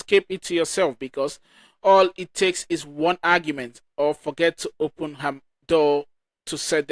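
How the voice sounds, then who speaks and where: A man's voice: fairly high pitch, a bit bright, dry recording, clean studio sound. A man hosting a reaction channel who reads viewer comments aloud, often stumbling and restarting lines. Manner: halting reading with restarts.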